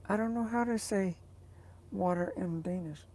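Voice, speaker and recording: A woman's voice: mid-range voice, moderate pace, mellow. A woman vlogger chatting casually to her viewers, rambling and hesitant as she searches for words.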